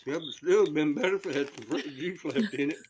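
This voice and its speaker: A man's voice: fairly high pitch, fast talker, background noise. A man, teasing family members in casual chat and telling stories. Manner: dry teasing storyteller.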